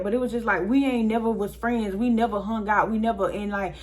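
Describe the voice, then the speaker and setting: A woman's voice: medium pitch, steady tone, quick pace, hardly any pauses. A young woman vlogger telling a story in a casual, chatty way, talking straight to her viewers.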